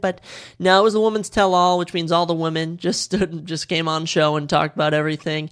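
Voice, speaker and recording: A man's voice: high-pitched, fast, fairly bright tone. A young man from Minnesota hosting a podcast, chatting casually and giving strong opinions, often repeating phrases for emphasis. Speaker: podcast host. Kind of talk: casual solo podcast chat.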